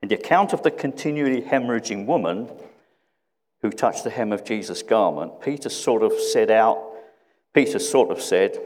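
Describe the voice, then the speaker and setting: A man with a lowish voice gives a reflective sermon. He repeats questions and drops to a hush. The sound rings with the long reverb of a hall. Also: lively intonation, normal speed. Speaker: preacher.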